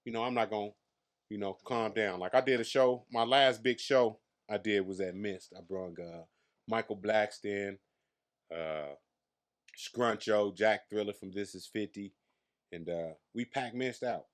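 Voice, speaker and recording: A man's voice: on the low side, unhurried. Brash, profane male comedian telling stories. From Las Vegas, USA. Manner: brash, profane, boastful storyteller. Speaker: comedian guest. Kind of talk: casual storytelling interview.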